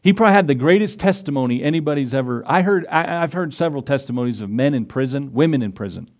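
A man's voice: medium pitch, expressive, fast talker. A man preaching a sermon as pastor, retelling scripture in a folksy way and asking his congregation rhetorical questions. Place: church.

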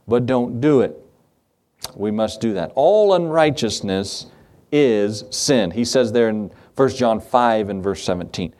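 A man delivering a sermon from the pulpit. His pitch moves a great deal as he preaches. He mixes King James scripture readings with plain, conversational asides and rhetorical questions. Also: a little mellow. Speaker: pastor.

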